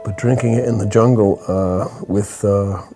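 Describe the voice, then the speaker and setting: A man with a lowish voice and fairly even intonation, heard over music, appears as an interview guest. He tells a reflective story haltingly, often repeating words and laughing softly.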